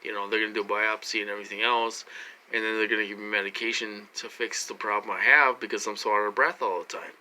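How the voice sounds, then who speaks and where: This man's voice sits on the low side with a sharp tone as he addresses his vlog audience from his room. The casual monologue is rambling and repetitive, full of fillers.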